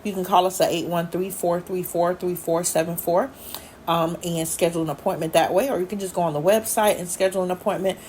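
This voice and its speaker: A woman's voice: lowish voice, fairly even intonation, brisk, darkish tone, a little hiss or hum. A woman hosting a podcast, telling personal stories in an earnest, looping, faith-filled way. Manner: earnest, storytelling, loops back and repeats. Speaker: podcast host. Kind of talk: personal faith-based talk.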